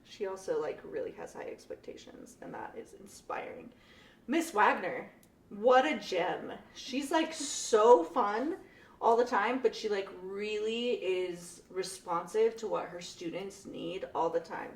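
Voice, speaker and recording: A young woman who teaches math tells a lively classroom story in a casual interview, laughs often and acts out her students' voices. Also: medium pitch, measured pace. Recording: echoey room, mic at a distance.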